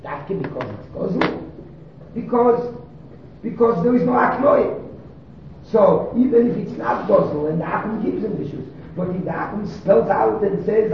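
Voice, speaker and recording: Gravelly man teaching Talmud. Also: high voice, lively intonation, normal speed, slight background noise. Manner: explains in short repeated phrases, restarting and emphasizing. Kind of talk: Talmud study lecture. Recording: very echoey room, distant mic, dull sound.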